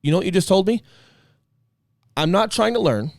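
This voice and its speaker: A man's voice: high-pitched, expressive, normal speed, creaky, no room sound, studio quality. Emphatic, passionate man on a podcast. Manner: emphatic, passionate, swings between loud and soft. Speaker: podcast co-host. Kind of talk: casual podcast chat.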